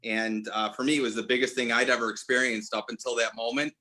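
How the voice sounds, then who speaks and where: Speaking fast in a level, sharp medium-pitched voice, this apparel brand owner in his 40s shares a personal story on a podcast. He's earnest, frequently starting over and correcting himself.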